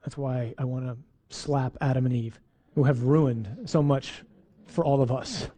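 A man giving a faith lesson on scripture, lively and playful, acting out voices in his asides. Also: mid-range voice, a little slow. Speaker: teacher.

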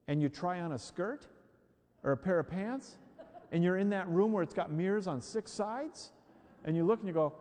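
A man's voice: a little high, mellow, big-room sound. A man giving a conversational sermon, acting out the voices he quotes. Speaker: preacher.

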